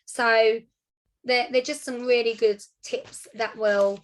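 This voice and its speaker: A woman's voice: a little high, fairly even intonation, slow. Friendly woman sharing practical party tips. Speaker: direct sales consultant sharing tips. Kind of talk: casual talk on a group video call.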